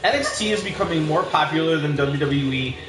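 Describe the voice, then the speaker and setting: A co-host of a casual wrestling chat show, giving quick, opinionated remarks. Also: medium pitch. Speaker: podcast co-host. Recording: roomy live stream with background music.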